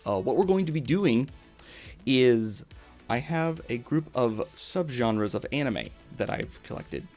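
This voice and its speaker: A man's voice: mid-range voice, very animated, a little slow, darkish tone, faint music behind. A young man streaming live, gushing thanks to his viewers with many fillers and repeated words. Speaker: VTuber streamer. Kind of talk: excited live-stream chat.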